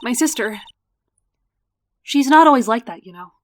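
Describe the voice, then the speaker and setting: Woman doing an excitable young science-loving girl. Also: fairly high pitch, normal speed, close to an everyday voice. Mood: wistful. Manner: excitable, bossy.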